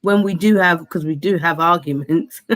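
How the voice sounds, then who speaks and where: A woman chatting casually on a video call, speaking in a gentle, reflective and soft-spoken way. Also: lowish voice, measured pace.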